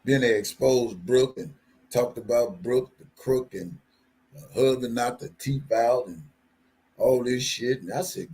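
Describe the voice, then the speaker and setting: A man's voice: medium pitch, measured pace, a little mellow. A man hosting a live stream, ranting casually in a profane, mocking way and laughing often. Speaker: livestream host. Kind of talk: casual livestream rant.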